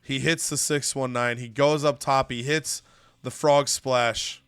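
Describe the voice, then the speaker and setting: A man's voice: medium pitch, fairly even intonation, unhurried, a bit bright, smooth, dry recording, studio quality. A man narrating a wrestling management game story with dramatic, commentary-style delivery.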